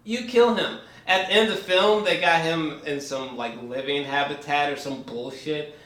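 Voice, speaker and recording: A man's voice: on the high side, moderate pace, a bit bright, echoey room. A man giving a casual, profane movie reaction review, laughing often as he rants.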